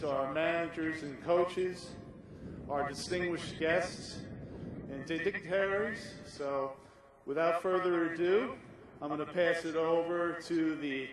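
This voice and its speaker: Breathless man announcing across a field. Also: fairly high pitch. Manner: loud, enthusiastic announcing. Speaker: league president. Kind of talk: welcoming speech over a PA. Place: outdoor ballfield. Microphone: PA microphone heard from afar. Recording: very echoey PA from far off, noisy.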